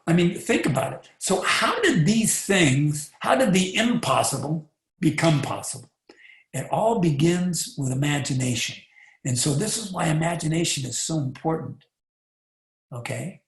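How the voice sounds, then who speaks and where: Man, motivational speaker, gravelly, fairly high voice, echoey room. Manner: animated, rhetorical, acts out little voices. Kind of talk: motivational talk.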